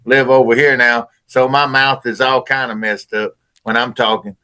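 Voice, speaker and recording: A man from East Texas, co-hosting a casual chat. His voice is bright and forceful at a middle pitch. He jokes in a colorful, wisecracking way. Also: level tone, normal speed, clear, resonant tone.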